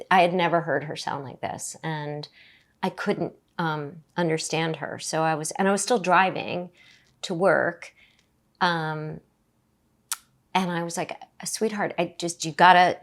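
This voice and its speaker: A middle-aged woman, a podcast guest, tells a personal story haltingly, with many fillers and restarts. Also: low-pitched.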